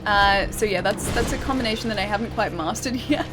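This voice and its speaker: A woman's voice: medium pitch, a little fast. An Australian woman streaming a game, chatting casually with her viewers, reading out their comments and reacting to the fight with frequent laughs. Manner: chatty, laughs often, reads chat aloud and reacts to the fight. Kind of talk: casual live-stream chat while gaming. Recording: game music clear behind the voice. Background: game music.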